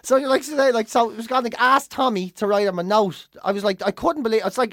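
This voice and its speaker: An Irish man with a lively, swooping voice tells stories and rants in casual chat, swearing freely and mimicking the people he meets. The room is dry and close, with no echo at all. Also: very high-pitched. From Ireland. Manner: profane, ranting storyteller with quick mimicry. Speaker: podcast co-host, comedian.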